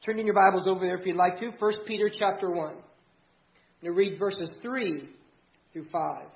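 Husky-voiced man preaching with emphasis. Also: high voice, moderate pace, dull audio. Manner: emphatic, repeats key phrases for stress. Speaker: pastor. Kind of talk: sermon.

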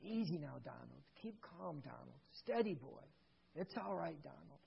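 A man doing a calm young father murmuring gently. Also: very high voice, normal speed, husky, dull audio, pitched above the performer's own voice, exaggerated voice. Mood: soothing.

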